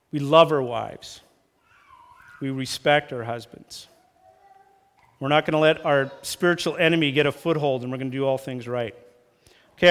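A man preaching a sermon as pastor, talking lively and acting out quarrels in raised voices. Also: fairly high pitch. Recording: long church hall reverb.

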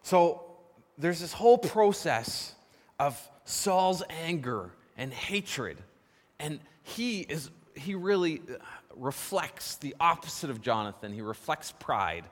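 A man preaching a sermon, telling a story with lively emphasis and posing questions to the congregation. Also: medium pitch. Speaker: pastor. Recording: long reverb of a large hall.

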